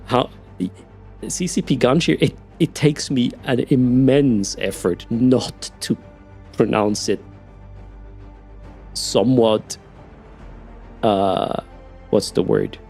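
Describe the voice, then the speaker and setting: A man's voice: medium pitch, slow, creaky, pauses often, a little mellow, faint music behind. A man with a Swiss German accent chatting casually with his live-stream audience while playing, often repeating words as he starts a sentence. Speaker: game streamer.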